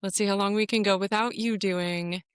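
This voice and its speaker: A woman's voice: mid-range voice, steady tone, moderate pace, smooth, dry recording, clean studio sound. A woman co-hosting a home design podcast in casual, playful chat, teasing and laughing often. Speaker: podcast co-host.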